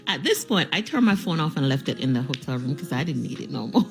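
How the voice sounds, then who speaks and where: Animated woman telling a storytime. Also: extremely low pitch, fast, creaky, hardly any pauses, soft background music. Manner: animated, playful, acts out quoted voices. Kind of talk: casual storytime to camera.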